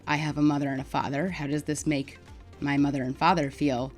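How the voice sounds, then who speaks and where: A young woman with a New York accent, frankly and wryly telling her own story to camera, turning loud and heated as she retells arguments. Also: low voice, flat delivery, brisk, faint music behind. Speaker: mental health advocate vlogger. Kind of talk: casual personal storytelling to camera.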